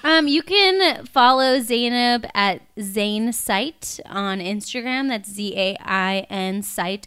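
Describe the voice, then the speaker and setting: A woman co-hosting a podcast, chatting casually and telling stories in an animated, giggly way. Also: mid-range voice, clean tone. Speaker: podcast co-host. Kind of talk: casual chat.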